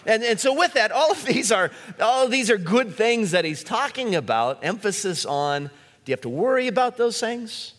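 Pastor preaching in a reverberant sanctuary. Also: male voice, high voice, sing-song, moderate pace, a bit bright. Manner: conversational preaching with asides and anecdotes. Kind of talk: sermon. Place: church sanctuary. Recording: long hall reverb.

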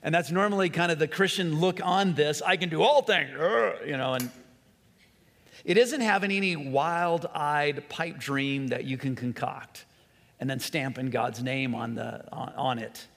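Male pastor preaching a sermon, fairly high voice, earnest emphasis, long hall reverb. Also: unhurried. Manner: earnest preaching, repetitive emphasis, drops to soft voice.

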